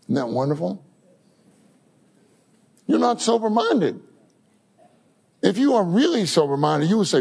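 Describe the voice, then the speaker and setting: Male preacher, informal sermon, husky tone, slightly high, very animated pitch. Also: unhurried, long pauses. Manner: animated, repeats words and calls out prayers.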